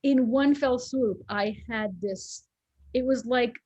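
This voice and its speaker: A woman's voice: fairly high pitch, takes it slowly, darkish tone, husky, dry recording. Casual co-host, a woman in her forties, candid and emotional, dry and a bit muffled. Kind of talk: casual chat, personal story.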